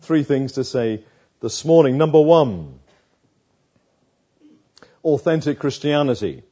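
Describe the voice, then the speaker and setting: A man preaching a sermon, slow and emphatic, with dramatic pauses between phrases. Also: medium pitch, lively intonation, warm tone, muffled recording.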